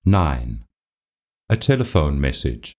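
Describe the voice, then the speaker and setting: A man announcing numbered items in a listening test, in a measured reading tone. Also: sing-song, darkish tone. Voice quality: very deep, slow and measured. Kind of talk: reading item numbers and titles.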